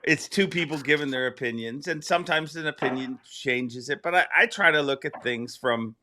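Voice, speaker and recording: A man hosting a podcast, chatting loosely with his guest, rambling through his thoughts with quick laughs. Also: medium pitch, bright, forceful tone, slight background noise. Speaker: podcast host. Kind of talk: casual interview chat.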